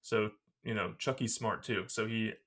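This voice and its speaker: A man's voice: on the low side, steady tone, moderate pace, fairly bright tone. Laughing man recapping a movie. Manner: laughs often while retelling scenes. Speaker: podcast co-host. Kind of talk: casual film recap chat.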